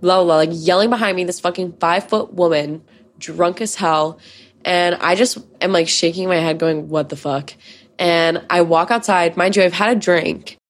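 A woman's voice: on the low side, steady tone, moderate pace. A woman in her twenties telling candid, profane stories as a podcast host in casual chat. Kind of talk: casual storytelling.

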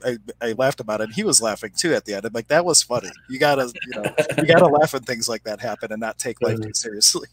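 A man's voice: mid-range voice, quick pace, hardly any pauses, rough recording. Storytelling man, laughing as he talks. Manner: storytelling, laughs often, acts out quoted voices. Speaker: energy healing practitioner and podcast co-host. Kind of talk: casual conversation.

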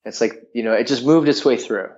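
A man's voice: mid-range voice, a little fast, a little mellow. Rambling man with a dull lo-fi sound. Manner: rambling, frank, heavy use of filler words. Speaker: guest. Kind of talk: candid personal storytelling.

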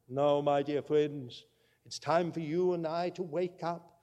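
A man preaching a sermon, emphatic, swinging from loud declarations to quiet asides. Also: a little high, steady tone, takes it slowly, in a large hall, lo-fi sound.

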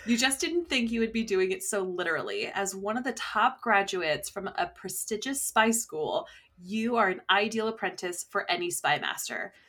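A woman's voice: medium pitch, moderate pace, fairly bright tone. Playful woman narrating a game. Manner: playful, theatrical storytelling, laughs easily. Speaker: podcast co-host narrating an escape room. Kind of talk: casual chat and playful scene narration.

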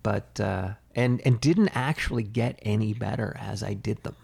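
A man co-hosting a casual chat, relaxed and agreeable, telling anecdotes. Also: on the low side, normal speed, gravelly, breathy edge. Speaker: podcast co-host.

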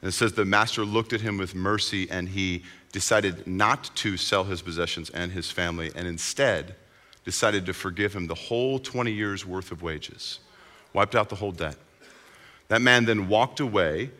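Bright-voiced pastor preaching in a big hall. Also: male voice, on the low side. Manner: conversational, animated preaching. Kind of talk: sermon. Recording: long hall reverb.

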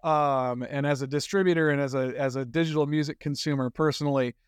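A man's voice: on the high side, steady tone, a little fast, clean tone, dry recording, clean studio sound. A man hosting a podcast interview, friendly and enthusiastic, often restarting his sentences. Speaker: podcast host.

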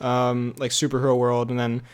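A man's voice: medium pitch, completely flat delivery, a little fast, smooth. A man co-hosting a casual podcast chat, rambling with lots of fillers and frequent laughter. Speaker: podcast co-host.

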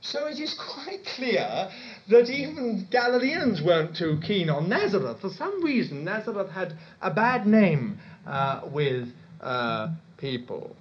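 A man's voice: high voice, very animated, unhurried. A man with a British accent preaching a sermon, teaching in a chatty way with asides and restarts. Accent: British English. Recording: dull lo-fi sermon recording.

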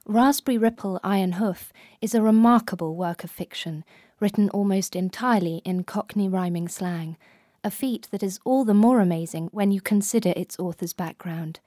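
Polite, measured female radio host, mellow voice. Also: medium pitch, no room sound, clean studio sound. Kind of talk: scripted radio interview.

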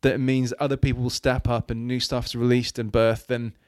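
A man's voice: mid-range voice, level tone, normal speed, darkish tone, no room sound, studio quality. A man from Wales, a guest on an interview, talking earnestly and rambling with many restarts and fillers. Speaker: guest, children's ministry leader. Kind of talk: casual interview talk.

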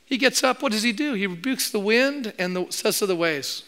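Pastor, male, fairly high voice, animated storyteller preaching to his church. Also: fairly quick. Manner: animated storytelling, acts out quoted voices, jokes with the congregation. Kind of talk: sermon.

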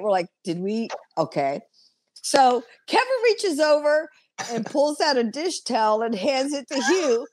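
High, lively woman in her fifties. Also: no room sound. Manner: animated, swearing, laughing storyteller. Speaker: guest. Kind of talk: casual storytelling chat.

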